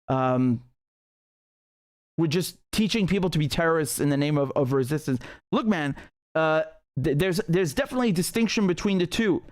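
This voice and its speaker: A man's voice: a little high, lively intonation, normal speed. A man hosting a live political stream, talking in a heated, sarcastic way with many restarts.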